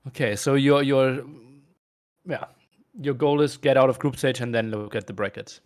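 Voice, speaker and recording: A man interviewing a player after a match, relaxed and teasing. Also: medium pitch, moderate pace. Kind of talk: casual post-match interview.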